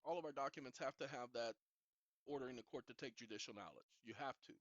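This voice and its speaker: A man's voice: medium pitch, fast, no room sound. A man hosting his own channel and lecturing in an emphatic, preachy way, repeating key lines and calling on the audience to say them with him. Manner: repetitive, calls for the audience to repeat after him. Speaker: channel host. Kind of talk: instructional talk, preachy and emphatic. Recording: dull lo-fi recording.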